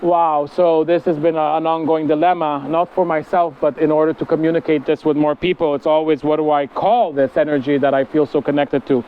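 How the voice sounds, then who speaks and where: A man's voice: a little high, flat delivery, brisk, hardly any pauses, clean tone, narrow, tinny audio. A man talking casually to camera on an outdoor deck, meandering, with many fillers. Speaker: spiritual vlogger. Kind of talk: casual spiritual vlog.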